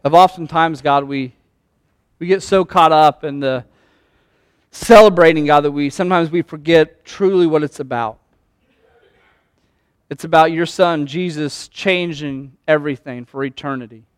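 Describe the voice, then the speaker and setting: A man preaching an impassioned Easter sermon as pastor, swinging from hushed talk to shouts. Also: on the high side, moderate pace, long pauses, clear, resonant tone, dry recording, clean studio sound. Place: church sanctuary.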